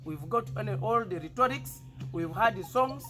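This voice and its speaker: Defiant high-voiced Ugandan man. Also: lively intonation, moderate pace, over music. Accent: Ugandan English. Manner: defiant, emphatic, rhetorical repetition. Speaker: party politician. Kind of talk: political press statement.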